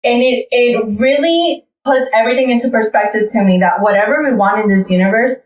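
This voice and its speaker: A woman with a fairly high voice speaks emphatically and stretches out her phrases as she praises a friend. The casual podcast chat has a roomy echo. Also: fairly quick, far from the mic. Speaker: podcast co-host.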